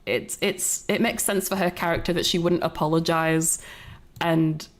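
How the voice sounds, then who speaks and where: A woman's voice: lowish voice, steady tone, normal speed. A woman streamer casually talking over a film, rambling, swearing and laughing as she goes. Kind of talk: casual reaction commentary.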